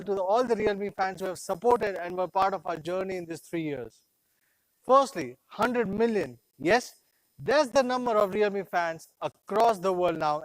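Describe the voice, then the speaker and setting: Brief: male executive, higher voice, proud rallying keynote, dry close mic. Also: dry recording, poor audio. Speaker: company executive presenting a product launch. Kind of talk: scripted keynote speech.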